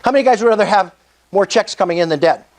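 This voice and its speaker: A sixty-something man speaking at a real estate investor meetup talks at a quick pace, his voice sitting high. He gives a fervent, sermon-like motivational speech and calls out to the audience for responses.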